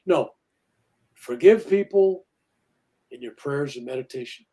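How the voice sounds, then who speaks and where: Heard through lo-fi sound, an older minister speaks at medium pitch, expressively and a little slowly. As an interview guest he talks earnestly about spirituality, voicing the quoted characters in his stories.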